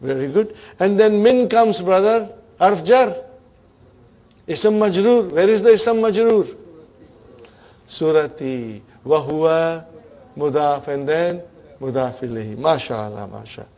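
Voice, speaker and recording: Teaching Arabic grammar, this fairly high-voiced man is animated yet keeps a measured pace. He fires repeated questions at his students and quietly murmurs words of praise.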